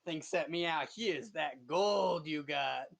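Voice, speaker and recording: A man's voice: on the high side, takes it slowly, creaky, a bit bright, heavily acted. A man doing a spiteful captive kobold. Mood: sneering. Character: scrawny, sneering captive male kobold.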